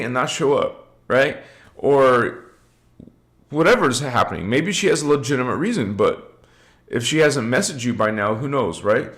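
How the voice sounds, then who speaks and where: A man's voice: mid-range voice, a bit bright. A man hosting a casual spiritual livestream, chatty and laughing often as he greets viewers by name. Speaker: livestream host.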